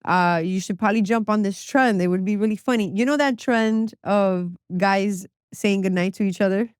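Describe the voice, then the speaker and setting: Animated woman telling stories, swearing casually. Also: mid-range voice, normal speed, smooth, no echo, clean studio sound. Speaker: podcast guest, music publicist. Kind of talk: casual chat.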